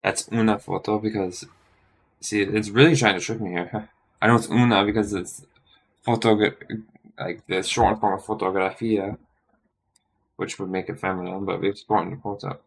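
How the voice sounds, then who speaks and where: A tired man talks to himself while studying, his voice low and gravelly with creak. He mutters half-finished thoughts and corrects himself often, in a casual stream. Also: little pitch movement, moderate pace. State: tired and yawning.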